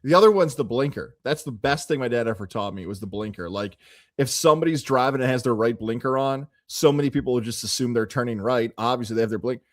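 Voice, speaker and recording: A man co-hosting a sports talk show, joking in a lively way and reading listener messages aloud. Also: medium pitch, fast, no echo, studio quality. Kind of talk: casual sports radio chat.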